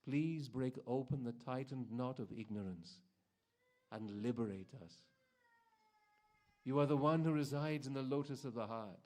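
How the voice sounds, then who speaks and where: Guy reading out sacred verses, slow and solemn, measured delivery. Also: mid-range voice, darkish tone. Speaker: reader at a devotional program. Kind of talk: devotional scripture recitation.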